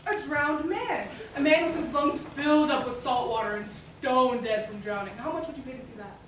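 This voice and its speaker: A woman's voice: sits high, normal speed, fairly bright tone, slight background noise. A woman playing a brash street performer who hustles passersby on stage, with a sly, wheedling sales patter. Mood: teasing. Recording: echoey hall from far off.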